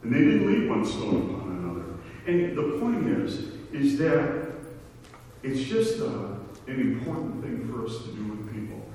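A man's voice: mid-range voice, sing-song, a little slow, mellow. A man preaching a sermon, telling stories in a conversational way with asides. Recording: echoey hall from far off, faint noise.

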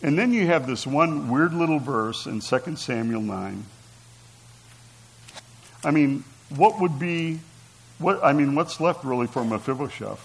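Gravelly, husky male preacher. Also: a little high, animated, unhurried, poor audio. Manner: conversational, asks rhetorical questions, reads scripture aloud. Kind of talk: sermon teaching.

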